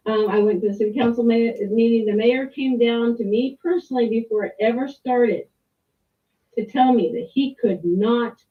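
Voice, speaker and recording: A middle-aged woman giving a rambling, candid personal testimony with restarts and mild swearing. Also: mid-range voice. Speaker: client sharing a testimonial. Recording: tinny phone-like line, distant from the mic.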